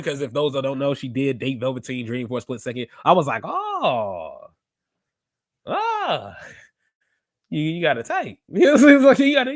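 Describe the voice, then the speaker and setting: A man in his twenties hosting a podcast, chatting casually and excitably, rambling with lots of fillers and restarts. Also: fairly high pitch, no room sound, studio quality. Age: 20s. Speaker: podcast host. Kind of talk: casual wrestling review chat. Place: United States Central time zone.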